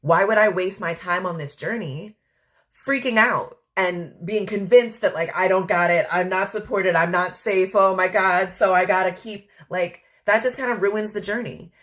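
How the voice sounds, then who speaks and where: A woman's voice: medium pitch, moderate pace, fairly bright tone. A woman hosting a podcast, talking through her thoughts in a rambling, candid monologue full of fillers. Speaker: podcast host. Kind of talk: casual reflective monologue.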